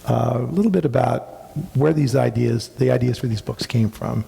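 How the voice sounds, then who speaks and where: Author, mellow gravelly male voice, dry wry delivery, recorded in a hall with some echo. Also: medium pitch, moderate pace. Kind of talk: casual talk to an audience. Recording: hall reverb with faint noise.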